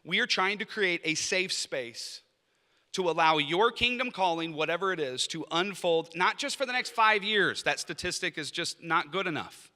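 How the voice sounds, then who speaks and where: A man's voice: sits high, animated, normal speed, bright, forceful tone. A man who leads a master's program, giving an informal, humorous talk at a lunch event and acting out the people he quotes. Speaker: professor leading a master's program. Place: indoor event room at a lunch. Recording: reverberant hall sound.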